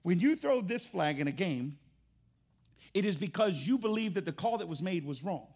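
High-voiced man preaching a punchy sermon. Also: big pitch swings, moderate pace, darkish tone. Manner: emphatic, jokey preaching with rising exclamations. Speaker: pastor.

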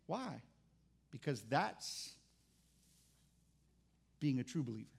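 A man's voice: mid-range voice, very animated, slow, vocal fry, slightly rough. A pastor preaching a sermon in an impassioned, conversational way, often restarting his words.

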